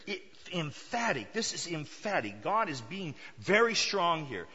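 A man's voice: a little high, sing-song, drawn-out words, pauses often, bright, forceful tone, slightly rough. A male pastor preaching a sermon emphatically, firing rhetorical questions at his congregation. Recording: dull sound with long hall reverb.

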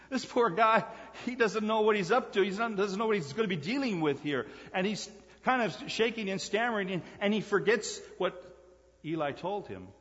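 A male pastor delivers a sermon with emphatic repetition, swinging between loud points and hushed asides. His voice sits a little high for a man. The sound is dull and lo-fi, carried on a long reverb from the church hall. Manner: emphatic, repeats key phrases, rising and dropping dramatically.

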